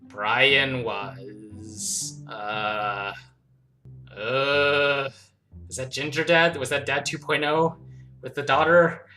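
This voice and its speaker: A man's voice: medium pitch, extremely slow, faint music behind. A man playing a dating game aloud, giggling often and reading the lines in silly voices. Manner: giggly, animated, does silly character voices. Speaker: game streamer.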